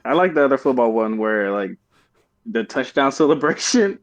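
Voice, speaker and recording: A man's voice: medium pitch, expressive, normal speed. A man co-hosting a podcast in casual chat, rambling and often breaking into laughter. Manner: rambling, giggly storytelling. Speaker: podcast co-host.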